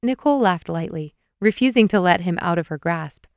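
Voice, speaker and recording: Smooth low-voiced woman narrating a novel. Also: expressive, a little fast, few pauses, darkish tone, dry recording, clean studio sound. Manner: reads dialogue with light shifts for each character. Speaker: audiobook narrator. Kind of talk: scripted narration.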